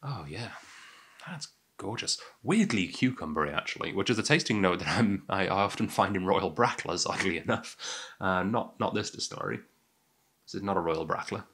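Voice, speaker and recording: A man's voice: low-pitched, animated, moderate pace, fairly bright tone, slightly rough. A young man with an English accent hosting a casual whisky tasting, chatty and self-deprecating with many fillers. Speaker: whisky podcast host.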